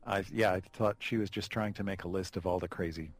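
Low-voiced man in relaxed commentary. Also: fast. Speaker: writer giving episode commentary. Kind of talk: casual commentary chat.

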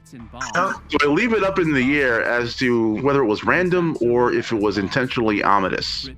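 A man's voice: medium pitch, moderate pace, soft background music. A man guesting on a podcast as the writer, chatting casually with frequent stammering restarts. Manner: bright, animated, stammering restarts. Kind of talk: casual chat.

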